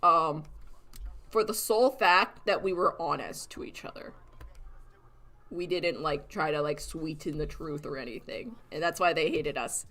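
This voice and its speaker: Drawing on stream, this young woman keeps the conversation loose and sarcastic, giggling often and putting on voices for the things she quotes. Her pitch is medium and her tone a little bright.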